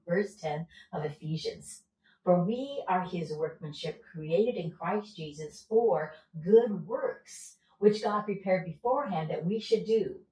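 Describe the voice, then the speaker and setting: A woman's voice: medium pitch, a little mellow. A woman teaching a Bible study. She talks with energy and often asks her listeners questions, then answers them herself. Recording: roomy echo, from a distance.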